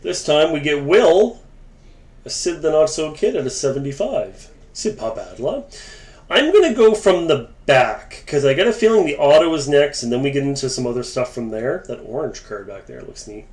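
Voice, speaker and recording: A man's voice: on the high side, very animated, normal speed, darkish tone. A man hosting a sports card break, chatting casually with viewers by name as he opens packs. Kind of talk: casual live commentary while opening card packs. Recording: roomy echoing room.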